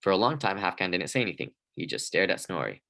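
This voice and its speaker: A man reads a children's storybook aloud with a lively, expressive delivery. His voice sits very low. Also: quick pace, creaky, rough recording. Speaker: narrator. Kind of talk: storybook reading.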